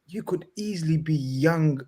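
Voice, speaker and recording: A man hosting a casual live-stream chat, excitable, shouting out viewers and swearing casually. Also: fairly high pitch, moderate pace. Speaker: host.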